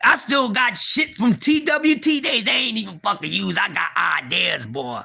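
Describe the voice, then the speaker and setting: A man hosting a casual livestream, excitable and profane, talking straight to his viewers and often repeating and restarting. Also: sits high, moderate pace, vocal fry, husky. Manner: excitable, profane, talks to chat. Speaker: livestream host.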